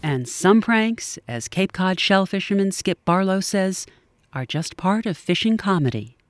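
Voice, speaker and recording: A man narrating a scripted radio segment in a measured way. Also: high voice, animated, no room sound.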